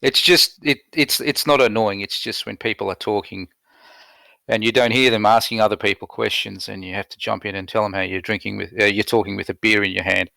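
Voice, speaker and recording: A man's voice: on the low side, steady tone, a little fast, gravelly, sharp tone, no room sound. A man in a casual voice chat who talks bluntly, swears and cuts in on others. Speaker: chat participant.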